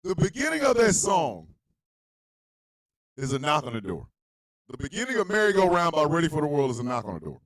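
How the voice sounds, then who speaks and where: A man hosting a comedic live internet radio show, ranting loudly and bluntly in crude slang to his listeners, often shouting. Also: a little high, fairly quick, long pauses, no echo, poor audio. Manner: loud, animated, often shouting and laughing.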